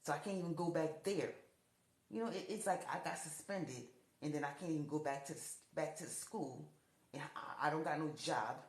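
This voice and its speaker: A woman's voice: a little fast, darkish tone. Woman telling her life story to the camera, keeps repeating herself, gets emotional, room echo all around. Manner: repetitive, emotional, rising pitch when upset. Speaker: TikTok storyteller. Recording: echoey room.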